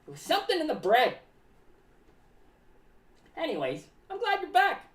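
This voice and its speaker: Woman playing a high, singsong zany clown, third-person rambling, echoey room, set back from the mic. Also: wildly swooping pitch, normal speed, distant mic. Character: rambling eccentric clown, paranoid about cats. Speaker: streamer in clown character. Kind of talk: live-stream clown character monologue.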